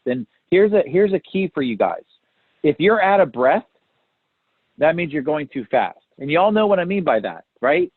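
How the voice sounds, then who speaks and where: A sales call trainer with a slightly high voice coaches appointment setters through a call script in a recorded training talk. He speaks to the trainees and often checks in with "right?" and "okay?". The recording is dry, echo-free and tinny, like a phone line.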